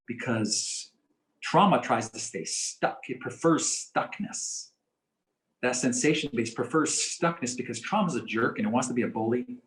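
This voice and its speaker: A man gives a community teaching talk in a calm, measured, explanatory way and often repeats key phrases. His voice sits at an ordinary middle pitch. The recording carries a roomy echo. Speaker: presenter on coping with stress.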